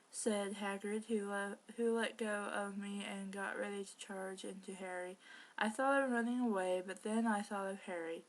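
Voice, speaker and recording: A woman's voice: medium pitch, fairly even intonation, normal speed. A woman reading bad fan fiction aloud for laughs and breaking in with sarcastic, exasperated remarks. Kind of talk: comedic dramatic reading with commentary.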